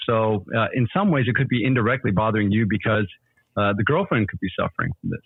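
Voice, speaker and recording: A man, a sleep doctor, explaining health risks in a quick, easygoing way, often restarting with "so, so". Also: lowish voice, breathy edge, no echo, phone-quality sound. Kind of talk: explanatory casual talk.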